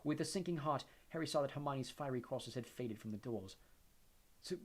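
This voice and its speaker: A man narrating an audiobook in a steady storytelling manner. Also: medium pitch, brisk. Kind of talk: audiobook reading.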